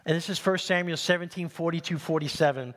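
A man pastor from New City, preaching in an animated, conversational way with humorous asides. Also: fairly high pitch, fast. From New York City. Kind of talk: sermon. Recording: long hall reverb.

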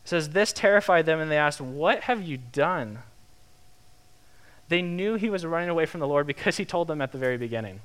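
A young man preaching a sermon in a lively, conversational way, acting out the quotes he tells. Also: on the high side, brisk, clean tone. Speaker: pastor.

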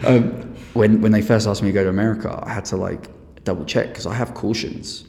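An English man with a lowish voice chats as a podcast guest, spinning animated stories, swearing freely and mimicking the people in them. The room is echoey with a long reverb tail. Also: a little fast, a little hiss or hum. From England. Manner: animated storyteller, swears freely, acts out quotes. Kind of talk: casual chat.

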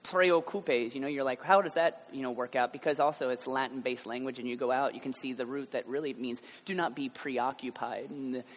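A man's voice: mid-range voice, fairly even intonation, brisk, hardly any pauses. An American man in his thirties preaching a conversational sermon with joking asides, building to emphatic passion. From United States. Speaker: pastor. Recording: long hall reverb.

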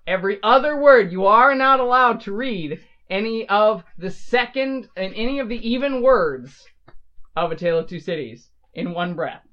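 A man's voice: high-pitched, expressive, normal speed, dull audio. A man co-hosting a podcast in casual chat, playful and setting challenges for the others. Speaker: podcast co-host.

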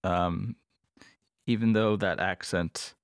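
A man co-hosting a podcast in casual chat, talking in halting bursts full of "like" and restarts. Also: deep voice, fairly even intonation, dry recording, studio quality. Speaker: podcast co-host.

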